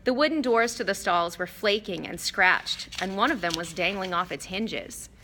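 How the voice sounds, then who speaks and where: A woman reads a children's novel aloud, steady and expressive. Her voice is bright and her pitch moves in a lively way through each sentence. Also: moderate pace, a little hiss or hum. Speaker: audiobook narrator. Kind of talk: scripted narration.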